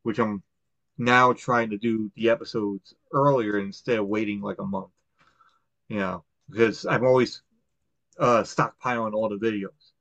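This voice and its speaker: A man's voice: fairly low pitch, steady tone, a little slow, fairly bright tone, no room sound. A man from Long Island hosting a podcast in casual chat, rambling and swearing, with lots of fillers and restarts. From Long Island, New York. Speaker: podcast host. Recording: dull, lo-fi, dry sound.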